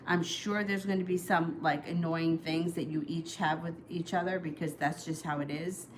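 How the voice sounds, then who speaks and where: A woman with a fairly low voice reads tarot live for viewers. She talks in a loose, chatty way, reassuring them and giving advice. A faint hiss sits under her voice. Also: steady tone, moderate pace. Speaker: tarot reader. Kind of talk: live-streamed tarot reading.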